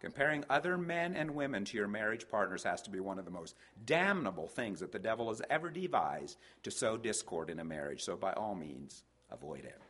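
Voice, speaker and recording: Older man preaching, low voice. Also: big pitch swings, brisk, hardly any pauses, fairly bright tone. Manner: folksy storytelling, hesitant restarts. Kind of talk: sermon on marriage.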